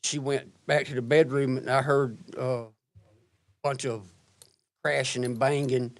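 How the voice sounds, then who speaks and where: A man giving courtroom testimony in a halting, plain-spoken way, recounting events step by step. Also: mid-range voice, level tone.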